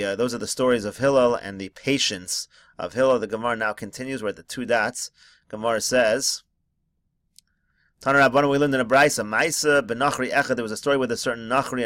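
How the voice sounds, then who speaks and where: A man's voice: mid-range voice, a bit bright, no echo. A man teaching a text-study lesson, reading each phrase of the original and then translating it into plain English. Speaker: Talmud teacher. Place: home study screencast.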